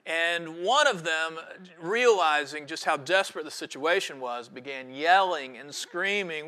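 A male pastor who reads scripture, prays and preaches with lively storytelling. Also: a little high, measured pace, hardly any pauses. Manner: animated storytelling with a reverent scripture reading. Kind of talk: sermon.

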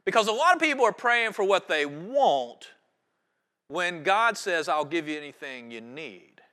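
A man delivering a sermon from the pulpit. His voice sits high and rings bright and forceful, and he drives his lines in rhythmic waves that surge loud and then sink quiet. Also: very animated, a little slow. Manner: rhythmic preaching with sweeping rises and drops in volume. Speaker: pastor.

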